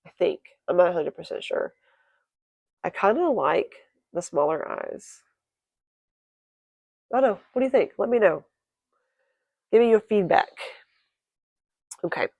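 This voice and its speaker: A woman crochet vlogger chatting casually to her viewers, quick and self-correcting, her voice croaky today. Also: fairly low pitch, darkish tone, no room sound. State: croaky, clearing throat. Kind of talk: casual chat to camera.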